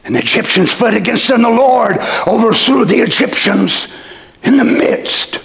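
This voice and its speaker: A man preaching a sermon, fervent and building to shouted exclamations. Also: very high voice, normal speed, gravelly. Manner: fervent, rises to shouting with bursts of hallelujah.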